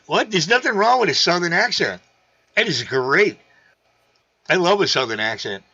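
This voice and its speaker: A man with a gravelly voice hosting a casual live stream, loose and excitable, reading viewer comments aloud. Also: high-pitched, normal speed. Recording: dull lo-fi stream audio.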